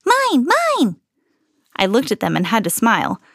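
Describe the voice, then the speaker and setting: A woman reading a children's storybook aloud in an expressive, storytelling manner. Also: medium pitch, quick pace, vocal fry, no room sound, studio quality. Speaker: podcast host reading to children.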